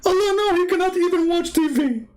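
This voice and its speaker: Frantic whiny pleader, put on by a man: shrill, near crying, mocking. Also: fairly quick, crowd noise. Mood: frantic pleading. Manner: high crying plea.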